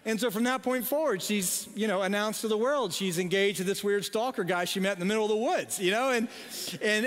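A man in his forties preaching a sermon, telling a story in a self-deprecating, animated way with halting restarts. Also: high-pitched. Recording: long reverb in a large hall.

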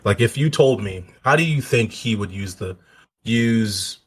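A man co-hosting a podcast who reacts with laughter and tells his own relaxed family anecdote. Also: fairly low pitch, unhurried, slightly rough. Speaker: podcast co-host. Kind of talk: casual chat.

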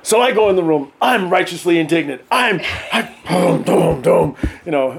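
A middle-aged man with a fairly high voice tells family stories with lots of animation. He slips into voices for the people in his stories and laughs as he goes. A faint hiss sits under the recording. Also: normal speed, vocal fry. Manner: animated, acts out voices of his kids and himself, laughs often. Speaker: podcast guest. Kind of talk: animated storytelling in casual chat.

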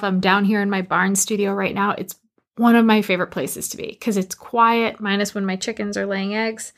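A woman business coach hosting a solo motivational talk, energetic and emphatic, repeating punchy commands, recorded in her barn studio. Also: fairly high pitch. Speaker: business coach and podcast host.

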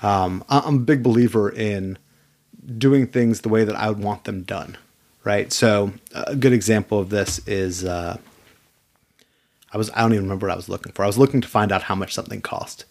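Gravelly-voiced man telling a story. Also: lowish voice, brisk. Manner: animated storyteller, repeats words when starting sentences. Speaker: attorney, podcast guest. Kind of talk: casual podcast conversation.

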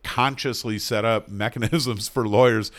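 Middle-aged male host from North Carolina with a lowish voice, chatty and rambling. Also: steady tone, unhurried. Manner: rambling, thinks aloud with restarts. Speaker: host and mediator. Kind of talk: conversational interview.

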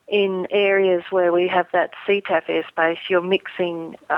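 A woman's voice: fairly low pitch, no room sound. Middle-aged woman on a tinny phone line. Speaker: airline pilot and guest. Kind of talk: phone interview.

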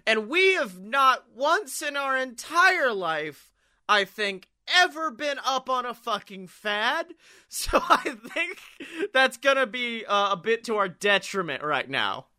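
A man's voice: very high voice, big pitch swings, slow pace, pushed and bright, clear, resonant tone. A man co-hosting a comedy podcast, chatting casually with crude jokes and frequent laughter. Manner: crude, laughs often, jokey improv. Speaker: podcast co-host.

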